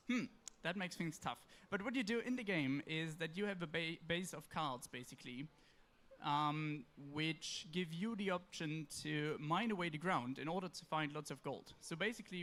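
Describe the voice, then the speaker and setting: Guy pitching a deckbuilder onstage, upbeat and wry, higher voice. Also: a bit bright. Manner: upbeat, wry, laughing off tech trouble. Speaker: game developer pitching. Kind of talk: stage pitch presentation. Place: convention stage.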